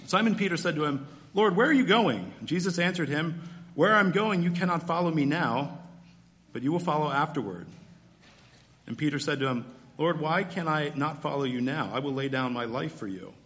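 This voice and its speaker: A man preaching a sermon, teaching through a scripture passage step by step in a relaxed, conversational way. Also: on the high side, normal speed. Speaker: pastor.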